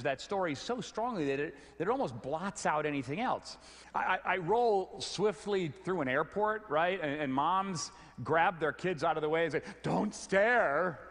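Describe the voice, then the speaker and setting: A middle-aged man giving a storytelling talk on stage, animated, often stumbling over repeated words. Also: a little high. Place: large hall before an audience. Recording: long hall reverb.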